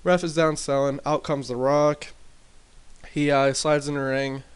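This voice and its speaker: A man's voice: a little high, level tone, unhurried, clear, resonant tone. Rambling man recapping a wrestling sim. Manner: rambling, filler-heavy recap. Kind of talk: casual commentary over gameplay. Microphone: desk mic with boosted gain.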